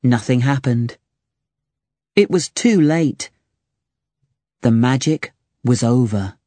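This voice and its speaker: A narrator reading a children's storybook aloud with slow, expressive delivery. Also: mid-range voice, no room sound.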